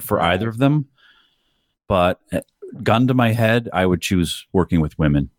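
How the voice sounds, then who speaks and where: A man's voice: sits low, animated, normal speed, no echo. A man in casual podcast chat, telling stories with dry, self-mocking humor. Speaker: podcast co-host.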